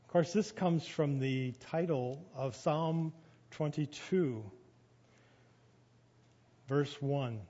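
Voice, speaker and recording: High-voiced preacher in an echoing hall. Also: male voice, takes it slowly, pauses often. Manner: swings from quiet to loud when quoting. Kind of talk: sermon. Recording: dull sound with long reverb of a hall.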